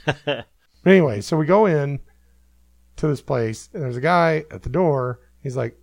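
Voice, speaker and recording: Rambling, gravelly male host, animated storyteller, dry close mic. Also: fairly high pitch, a little slow, pauses often, no room sound. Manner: rambling, self-amused, many fillers. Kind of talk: casual storytelling.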